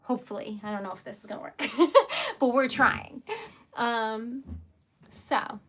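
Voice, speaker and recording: Young woman, high bright voice, casual livestream host, chatty and self-encouraging. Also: fairly even intonation, a little slow. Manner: chatty and self-encouraging, drops to a whisper when concentrating. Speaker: livestream host making wax seal stickers.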